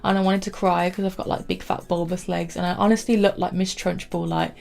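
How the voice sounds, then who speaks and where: A woman's voice: on the low side, little pitch movement, brisk, vocal fry, darkish tone. A young woman chatting to camera in a rambling storytelling way, saying "like" often. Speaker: vlogger.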